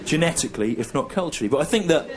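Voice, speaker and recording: A middle-aged English man performing a stand-up comedy routine in a laid-back, deadpan, repetitive way, with self-aware asides. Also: a little high, racing. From England. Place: comedy venue stage. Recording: live show recording with audience noise. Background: audience laughter and room ambience.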